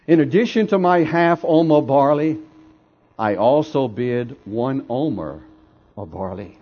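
A man preaching, voicing a quiet, resolute male prophet who speaks low and measured in a dull lo-fi recording. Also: lively intonation. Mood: hushed resolve.

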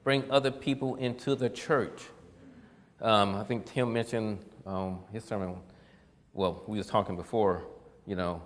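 A man preaching a casual, folksy sermon, animated and quick to laugh at his own points. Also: lowish voice, big-room sound.

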